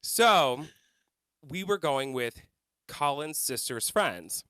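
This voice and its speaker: A man's voice: a little high, lively intonation, slow pace, sharp tone, clear, resonant tone, dry recording. A man co-hosting a podcast, telling a funny story animatedly, laughing and swearing as he goes. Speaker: podcast co-host. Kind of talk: casual storytelling.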